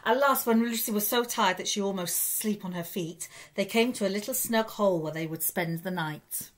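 Female teacher narrating a kids' book, expressive storyteller delivery. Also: mid-range voice, normal speed. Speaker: primary school teacher. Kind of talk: reading a children's story aloud.

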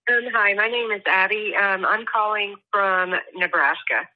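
A woman's voice: medium pitch, a little slow. A woman calling in to a radio show by telephone, speaking hesitantly. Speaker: caller. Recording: dull phone-line sound.

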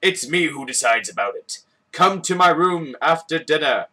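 Game brief: a man doing a stern owl master, commanding and menacing, a little raised and louder. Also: fairly high pitch, animated, normal speed, husky, pitched above the performer's own voice, heavily acted. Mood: threatening.

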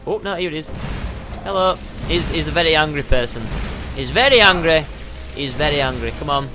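A man giving excitable let's play commentary, yelping and tossing out goofy exclamations. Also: a little high, fast, music in the background. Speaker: gamer.

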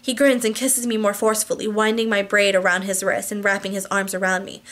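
A woman's voice: mid-range voice, flat delivery, brisk, a bit bright. A woman reading a romance novel aloud, with frequent restarts and slips. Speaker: audiobook reader.

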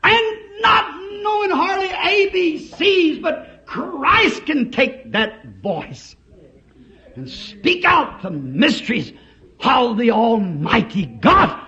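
Southern man, revival preacher, slow and deliberate, shouting then hushed, on a dull old tape. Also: extremely high pitch, big pitch swings. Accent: Southern United States. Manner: impassioned, swings from shouting to hushed. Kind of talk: old-time revival sermon. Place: church service.

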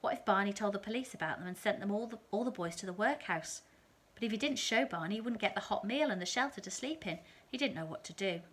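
A woman reading a children's novel aloud in a calm, steady storytelling manner. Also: medium pitch, fast, hardly any pauses, breathy edge.

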